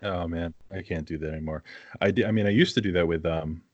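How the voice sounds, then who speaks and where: A man with a New England accent chats casually on a podcast, blunt and teasing, and he swears freely. His voice sits fairly low. The recording is dry and close. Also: fast talker, no echo, dull audio. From Massachusetts, New England. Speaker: podcast co-host. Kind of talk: casual chat.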